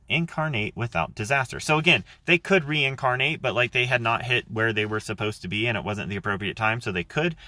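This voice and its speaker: A man talking casually on a phone live stream, rambling and dropping swear words as he goes. His voice sits a little low but sounds bright and forceful. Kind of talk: live stream reading and chat. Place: outdoors.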